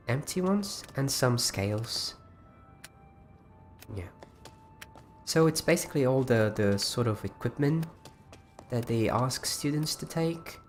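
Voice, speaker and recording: A man hosting a casual livestream, chatting loosely with frequent restarts while walking viewers through his creation. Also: mid-range voice. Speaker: livestream host.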